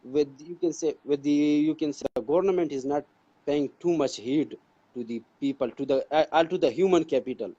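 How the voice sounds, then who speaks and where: A man from Pakistan speaks earnestly as an interview guest, circling back on phrases as he explains. His voice is mellow and sits a little high, and the audio comes through dull and lo-fi. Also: a little fast. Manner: earnest, repeats phrases like "you can say". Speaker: guest, English teacher. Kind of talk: interview conversation.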